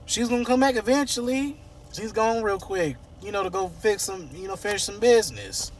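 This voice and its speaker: A man's voice: high-pitched, brisk, distant mic, a little hiss or hum. A man casually recapping a soap opera episode, playfully acting out the characters' lines and joking.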